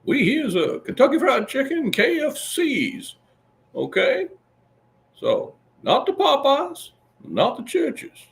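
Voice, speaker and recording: Shrill old chicken colonel, pushy folksy salesman, keeps saying okay. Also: wildly swooping pitch, takes it slowly, creaky, a bit bright, full character voice. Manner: pushy, repetitive sales pitch, high strained voice. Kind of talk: comic impression.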